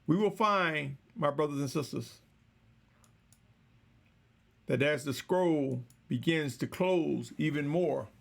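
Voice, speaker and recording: A man delivering a slow, measured, exhorting sermon, repeatedly addressing his listeners as brothers and sisters. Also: a little high, gravelly. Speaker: preacher.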